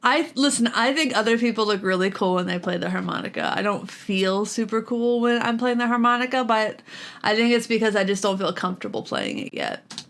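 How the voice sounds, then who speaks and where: A woman's voice: mid-range voice, animated, a little fast, slight background noise. A woman vlogging casually about guitar gear at home, chatty and self-deprecating, with lots of fillers and giggles. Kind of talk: casual chat while practicing.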